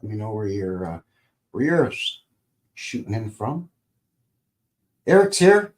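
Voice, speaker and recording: A man's voice: lowish voice, very animated, a little slow, long pauses. A man from Calgary hosting a casual livestream, joking, rambling and greeting viewers by name in a folksy way. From Calgary, Alberta, Canada. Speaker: livestream host.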